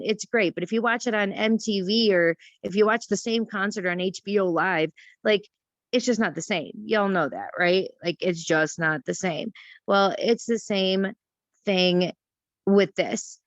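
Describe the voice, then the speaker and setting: A chatty woman with a drawl hosts a morning team call, telling stories with self-mocking humor and animated swings. Her voice sits at an ordinary middle pitch. It comes through a dull, dry video-call line. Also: moderate pace, dry recording. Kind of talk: casual motivational chat.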